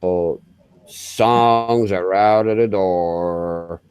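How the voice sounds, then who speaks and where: Brief: a deep, slow, drawling Southern man, put on by a Glasgow man, very low, lazy pace. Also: a little mellow, clear, resonant tone, no echo. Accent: Scottish, Glasgow.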